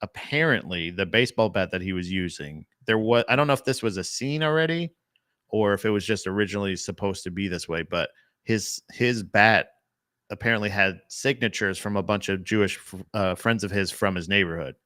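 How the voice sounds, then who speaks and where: A man's voice: fairly low pitch, a little fast, a bit bright, dry recording, clean studio sound. A man co-hosting a podcast, rambling casually about movies, laughing and swearing as he goes. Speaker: podcast co-host.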